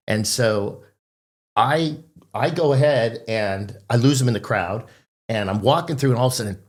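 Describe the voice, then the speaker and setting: A man's voice: fairly low pitch, normal speed. A man hosting a podcast, telling stories in a casual chat in an easygoing way and often laughing along. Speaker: podcast host.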